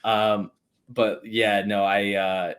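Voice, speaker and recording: A man's voice: lowish voice, little pitch movement, slow, a bit bright, clean tone. A young man telling stories as a podcast guest in a rambling, casual way, swearing often and laughing between words. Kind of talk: casual storytelling chat.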